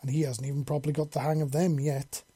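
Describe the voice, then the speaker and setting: A man voicing a horned, scaly female lizard warrior who speaks softly and affectionately in a storybook reading. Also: fairly high pitch, little pitch movement, fast, breathy edge, no echo. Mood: soft, loving. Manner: soft, affectionate purring.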